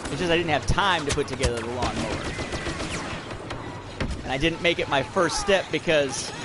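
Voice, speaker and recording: Host: man in his thirties, rambly, talks to chat mid-match, bit high-pitched, game audio loud behind. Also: normal speed, heavy background noise. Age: 30s. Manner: rambling, talks to chat while playing a shooter. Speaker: livestream podcast host. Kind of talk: casual chat while gaming. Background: shooter game audio.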